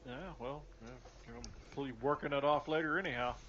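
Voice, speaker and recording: A man's voice: mid-range voice, steady tone, fast, a bit bright, highs cut off. A man playing in a tabletop game, chatting casually in character and out. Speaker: player.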